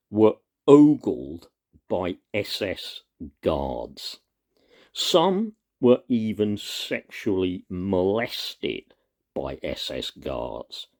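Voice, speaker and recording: A man giving an impassioned personal monologue to his viewers, earnest and emphatic, pausing often and stressing single words. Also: low-pitched, darkish tone. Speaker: video commentator.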